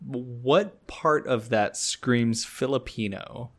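A young man co-hosting a comedy podcast with a dry, deadpan delivery. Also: medium pitch, takes it slowly. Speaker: podcast co-host. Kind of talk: casual comedic chat.

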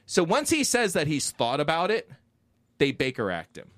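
A man co-hosting a casual podcast, telling a story in a rambling, animated way and acting out the voices of the people in it. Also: fairly high pitch, normal speed, no room sound. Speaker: podcast co-host.

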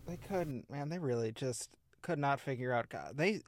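A young man in casual podcast chat, emphatic and quick to swear as he rants. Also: medium pitch, lively intonation, a little hiss or hum. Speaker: podcast co-host.

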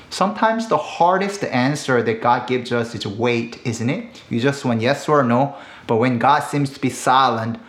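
A man in his thirties from Korea, speaking English with a Korean accent, preaches a sermon in an earnest, slow and deliberate way, with emphatic rises. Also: medium pitch. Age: 30s. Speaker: pastor. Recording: echoey room.

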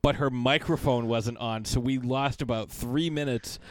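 A man's voice: medium pitch, normal speed, a little hiss or hum. A man hosting a podcast, rambling and joking crudely in casual chat. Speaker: podcast host.

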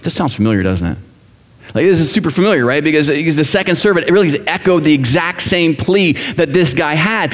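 A man preaching a sermon in a casual, animated storytelling manner. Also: high-pitched. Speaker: pastor. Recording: echoey hall, dull sound.

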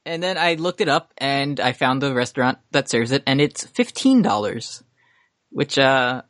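A man's voice: mid-range voice, expressive, normal speed, fairly bright tone, no echo, clean studio sound. A man in his twenties hosting a podcast in casual chat, rambling and self-mocking, often laughing at his own stories. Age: 20s. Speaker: podcast host.

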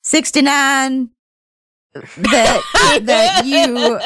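A woman's voice: high voice, extremely slow, fairly bright tone, dry recording, studio quality. A woman playing in a tabletop game, rambling and hesitant as she searches for words. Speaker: player. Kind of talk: tabletop role-play chat.

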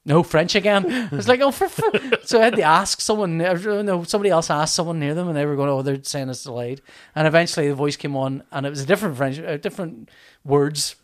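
A man in his thirties, an animated storyteller who acts out his own reactions, laughs often and swears in casual chat. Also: a little high, fast.

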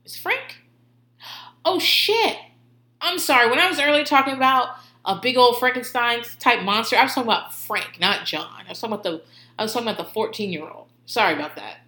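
A woman's voice: on the high side, a little fast, echoey room. A woman hosting a podcast, telling stories in casual, profane chat and laughing often. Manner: profane, laughing, animated storytelling. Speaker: podcast host.

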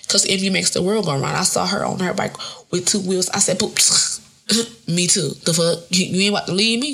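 Gravelly, husky woman podcaster. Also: medium pitch, a bit bright. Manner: profane, rambling, laughing often. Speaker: podcast host. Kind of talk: casual solo podcast monologue.

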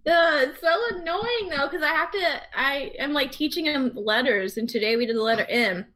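A young woman co-hosting a podcast, telling stories in a giggly, animated way. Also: high voice, moderate pace. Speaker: podcast co-host. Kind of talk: casual chat.

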